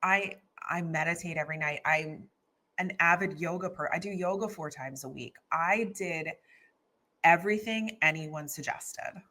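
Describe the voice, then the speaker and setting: A woman's voice: lowish voice, moderate pace, pushed and bright. A middle-aged woman from Philadelphia, a guest author talking candidly and earnestly about her own experience, often restarting her sentences. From Philadelphia, USA. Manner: earnest, storytelling, frequent restarts. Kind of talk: candid personal conversation.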